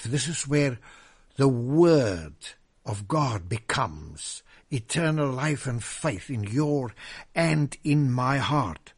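A man preaching a sermon, swinging from loud proclamation to hushed whispers and drawing out scripture verses emphatically. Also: mid-range voice, slightly rough. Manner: drawn-out emphatic reading of scripture.

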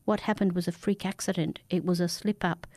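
A woman voicing a frightened, desperate man who pleads for his life, rambling and rising in pitch as he begs. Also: steady tone, fairly quick, darkish tone, no echo, lightly acted. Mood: pleading. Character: frightened desperate man, a cursed family father.

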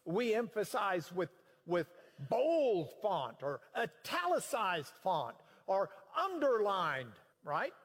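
A preacher man teaches scripture in an animated, emphatic way. His voice sits high and swings widely in pitch. The sound rings with a long hall reverb. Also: slow. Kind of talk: sermon-style Bible teaching.

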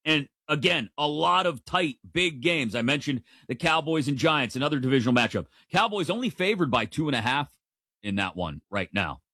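A man's voice: fairly high pitch, lively intonation, moderate pace, pushed and bright, no echo, clean studio sound. A man in his forties hosting a sports podcast, giving playful, emphatic opinions in casual commentary.

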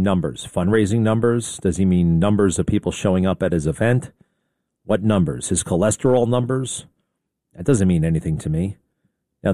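A man's voice: on the low side, warm tone, no echo, studio quality. A man hosting a talk radio show, rambling through an opinionated monologue with sarcasm and indignation.

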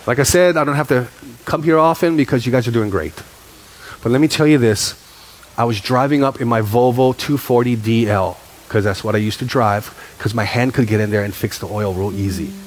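A middle-aged man preaching as a pastor, telling stories with lively repetition and emphasis. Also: medium pitch, fairly quick, a little hiss or hum. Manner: animated storytelling with repetition. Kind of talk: sermon to a youth group.

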